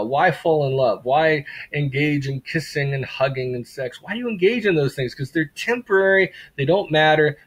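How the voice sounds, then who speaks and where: A man's voice: mid-range voice, slightly rough, low-quality recording. A man lecturing a class in a conversational way, often repeating words for emphasis and asking rhetorical questions. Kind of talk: classroom lecture on a graphic novel.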